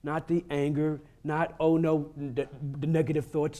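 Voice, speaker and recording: A man preaching a sermon, pleading with the congregation and rising to fervent emphasis, often tossing in a quick "huh?". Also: a little high, darkish tone. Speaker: pastor.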